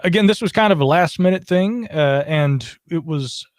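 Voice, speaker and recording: A man's voice: a little high, normal speed, no echo, clean studio sound. A man hosting a casual late-night call-in podcast, upbeat and chatty with many fillers. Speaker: podcast host. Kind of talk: casual call-in show chat.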